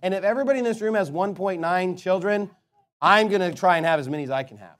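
A man preaching a sermon as a pastor, emphatic, swinging between loud declarations and quiet asides. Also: sits high, fast.

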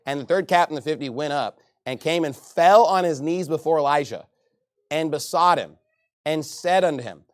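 A man's voice: fairly high pitch, moderate pace, dry recording. Fiery male pastor with a raised voice, mocking quoted people, preaching, dry close sound. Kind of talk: sermon.

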